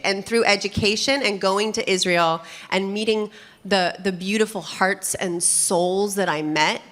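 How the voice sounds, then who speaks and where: Bright-voiced woman panelist, emotional and animated, telling her story on a conference stage. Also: medium pitch, unhurried. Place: conference stage before an audience.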